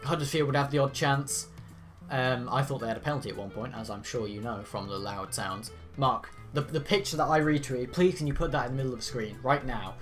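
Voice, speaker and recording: An excitable man calls a football match as a fan, narrating each pass and then erupting into loud shouts at the players. His voice sits at a middling pitch, with faint music underneath. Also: fairly quick. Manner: play-by-play narration mixed with rants. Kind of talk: live match reaction commentary.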